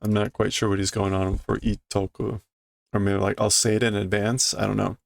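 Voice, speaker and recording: A man reading a manga aloud and translating it line by line, hesitant and self-correcting as he thinks out loud. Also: lowish voice, level tone, fairly quick, gravelly, no echo, studio quality. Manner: hesitant, self-correcting, muttering through guesses.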